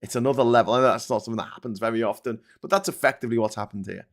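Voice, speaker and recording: A British man hosting a casual political commentary show, talking in a lively, rambling way with frequent swearing and restarts. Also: mid-range voice, rapid-fire. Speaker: host of a live commentary show.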